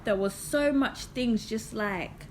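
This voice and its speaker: A young woman vlogger telling a personal story in an animated, expressive way, laughing often. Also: fairly high pitch, slow pace, a little hiss or hum. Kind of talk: storytime vlog.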